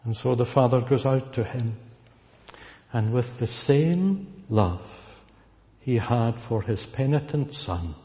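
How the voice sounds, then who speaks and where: A man preaching a sermon, slow and deliberate, repeating key words for weight. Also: medium pitch, expressive. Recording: dull recording with long hall reverb.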